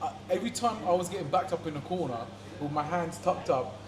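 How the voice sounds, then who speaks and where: A high-pitched man chatting on a podcast, quick to laugh at himself and full of playful banter. His voice bounces around an echoey room while a crowd murmurs clearly in the background. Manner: laughs often, playful and self-mocking. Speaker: podcast co-host. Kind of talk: casual chat.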